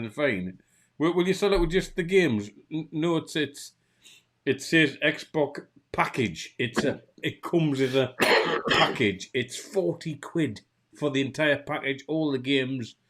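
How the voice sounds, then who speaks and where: A man's voice: a little high, measured pace, fairly bright tone. Geordie guy moaning about shopping, keeps restarting, sweary. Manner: grumbling, stumbling restarts, swears. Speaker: podcast co-host. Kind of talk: casual ranting chat.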